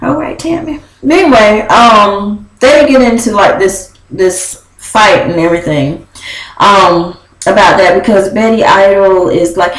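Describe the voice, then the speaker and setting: A woman's voice: medium pitch, unhurried, roomy sound, low-quality recording. A young woman vlogger giving a sassy, chatty recap, often slipping into mock voices. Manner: sassy, chatty, animated with laughs and quoted voices. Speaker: vlogger recapping a reality show. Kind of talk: casual gossip recap.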